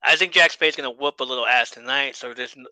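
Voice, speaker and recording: A swaggering pro-wrestling heel , as a man puts him on, drawls in an exaggerated Southern accent, brash and taunting. The voice sits a touch higher and louder than his normal talk, bright and cutting, in a dry, close room. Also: fast, dry recording, poor audio. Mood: taunting, fired up. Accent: Southern US, put on.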